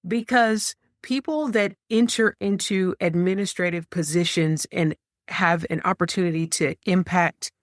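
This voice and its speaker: Lower-voiced woman co-hosting an interview. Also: steady tone, measured pace, dry recording, clean studio sound. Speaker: co-host. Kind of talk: interview conversation.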